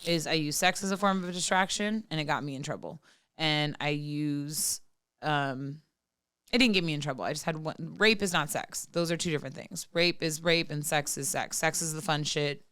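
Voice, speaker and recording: Low-voiced, frank woman in casual chat. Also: moderate pace, a bit bright, clear, resonant tone, no echo, clean studio sound. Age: 30s. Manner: frank, profane, many "like" fillers. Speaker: podcast guest.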